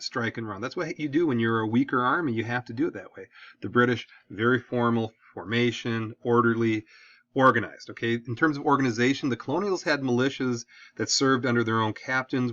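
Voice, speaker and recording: A man's voice: medium pitch, fairly bright tone, no room sound. A man teaching a history class in a casual, chatty lecture style, often checking in with "okay?". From Detroit area. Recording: dull, dry lo-fi sound.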